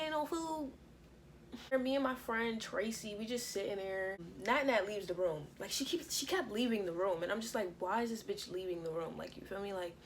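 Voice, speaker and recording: Young woman vlogger, mid-pitched, animated storyteller, profane, light room noise. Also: poor audio. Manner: animated, profane, acts out quotes. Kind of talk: casual storytelling vlog.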